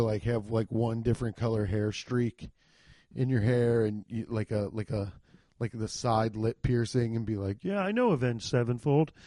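On a clean studio recording with no echo, a man with a mid-range voice hosts a podcast. He's animated and profane, telling comedic stories and performing quotes in silly voices.

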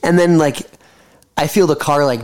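A man in his thirties co-hosting a casual podcast. He tells stories in an animated, loose way and swears casually. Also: a little high, moderate pace. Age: 30s. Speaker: podcast co-host.

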